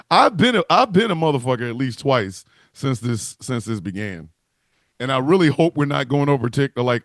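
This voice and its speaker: A man's voice: medium pitch, dry recording. A man co-hosting a wrestling talk livestream, joking and cursing in casual banter over a video call. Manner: profane, joking, animated.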